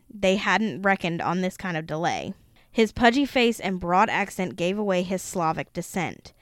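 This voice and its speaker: A woman's voice: fairly low pitch, animated, normal speed, no room sound, clean studio sound. A woman podcast host reading a book aloud, with the occasional laughing aside.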